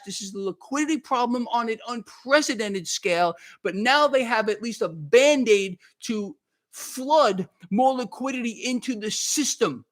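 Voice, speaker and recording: A market commentary livestream host speaks in a fairly bright voice that sits high. He's worked up and sweating, ranting heatedly, repeating himself and thanking viewers by name.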